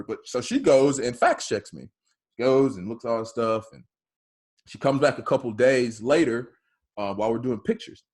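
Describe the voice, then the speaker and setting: A man, a softball hitting coach, telling a story on a video call in a loud, bold way and acting out both sides of the dialogue. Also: medium pitch.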